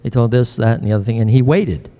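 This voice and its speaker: An older man preaching a sermon as pastor, earnest and emotional, often pausing and restarting his words. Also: medium pitch, dark tone, in a large hall.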